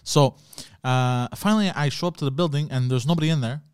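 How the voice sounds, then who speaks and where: A man telling a story in a relaxed, casual chat, laughing along as he goes. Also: mid-range voice, fast, smooth, no echo, clean studio sound. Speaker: podcast co-host.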